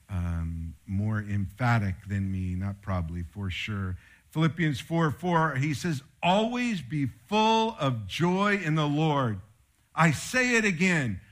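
A middle-aged male pastor preaching a sermon, moving between loud exhortation and quiet, joking asides. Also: a little high.

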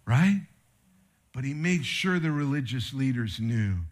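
A man preaching a sermon with slides, telling stories in an animated, conversational way. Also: medium pitch, measured pace. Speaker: pastor.

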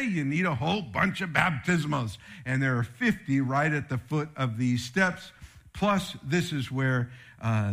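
Brief: male pastor, lively and chatty sermon delivery, voice sits a bit high. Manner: animated, conversational storytelling. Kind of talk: sermon with slides.

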